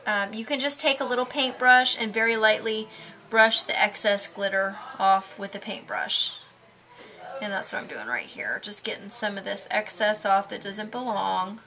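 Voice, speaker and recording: Bright-voiced woman demonstrating crafts. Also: medium pitch, moderate pace. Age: adult with a child. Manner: chatty, relaxed, lots of ums. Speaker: craft tutorial host. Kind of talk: casual craft tutorial.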